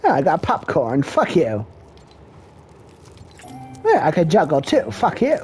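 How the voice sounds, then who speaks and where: A gamer in casual gameplay commentary, loud and profane, joking and bantering. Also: mid-range voice, huge pitch swings, unhurried, faint music behind.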